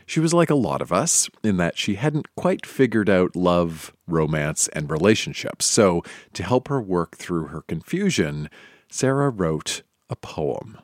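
A man's voice: low-pitched, no echo, studio quality. A man hosting the show, giving scripted narration between readers. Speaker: show host.

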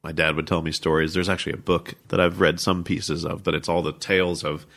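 A man talking casually as a podcast guest, with a calm, radio-style delivery and frequent laughter. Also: sits low, brisk. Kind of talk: casual conversation.

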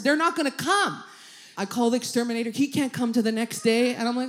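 A woman's voice: fairly high pitch, quick pace. A woman telling a comic story in stand-up style, swearing, laughing through her lines and acting out the people in it. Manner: animated, swears, laughs through lines, acts out quoted voices. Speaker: comedian.

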